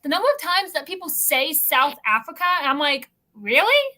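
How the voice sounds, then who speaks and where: A woman co-hosting a casual podcast chat, talking in quick, chatty asides. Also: high voice, sharp tone. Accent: non-local accent that others remark on. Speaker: co-host.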